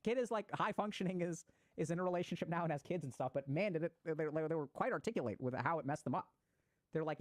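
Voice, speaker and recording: Male psychiatrist, quick casual lecture, acts out examples as he goes. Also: fairly high pitch, no echo. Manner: fast, conversational, acts out example voices. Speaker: psychiatrist giving a talk.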